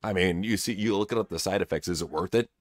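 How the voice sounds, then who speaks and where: A man with a low voice, hosting a casual podcast and giving blunt, opinionated takes full of swearing. The sound is dry and close to the mic. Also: fast talker, no echo. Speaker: podcast host.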